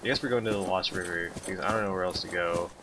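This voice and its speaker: Lowish guy doing let's-play chatter, jokey rambling, game noise loud in the back. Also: fast. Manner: rambling, joking asides. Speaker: gamer. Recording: loud game sounds behind.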